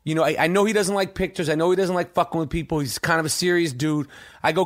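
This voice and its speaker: A man hosting a podcast, telling a rambling, profane, excited story full of restarts. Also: sits high, fairly quick. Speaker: podcast host. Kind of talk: casual storytelling monologue.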